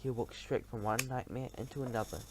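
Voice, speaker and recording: A man narrating a children's story in an expressive, animated way, with small slips. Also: mid-range voice, fast, background noise. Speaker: audiobook reader.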